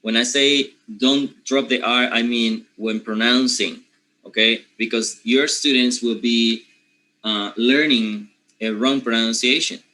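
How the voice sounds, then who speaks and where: A man from Panama with a Panamanian accent, a native Spanish speaker teaching English pronunciation, who often clears his throat and keeps checking in with his students. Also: mid-range voice, fairly even intonation, a little slow, bright, forceful tone, low-quality recording. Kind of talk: pronunciation lesson.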